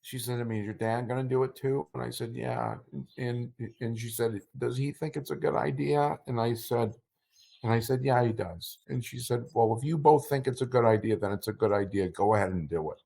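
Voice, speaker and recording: A middle-aged man telling a personal story as an interview guest, halting and repeating words, his voice choking up with emotion. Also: mid-range voice, gravelly, dark tone, breathy edge.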